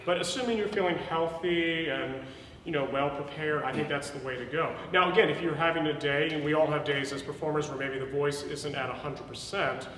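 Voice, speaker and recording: A man's voice: on the high side, steady tone, a little fast, fairly bright tone, a little hiss or hum. A man working as a voice teacher, coaching a student through a song in a teaching room, encouraging and explanatory. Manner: encouraging, explanatory, many fillers. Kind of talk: coaching a singing lesson. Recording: echoey room, voice from a distance.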